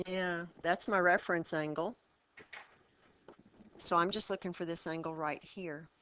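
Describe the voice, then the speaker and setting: Low-pitched and steady with a sharp edge, this teacher's voice comes through with slight background noise. She runs a math lesson briskly and encouragingly, quizzing the class and working through problems one step at a time.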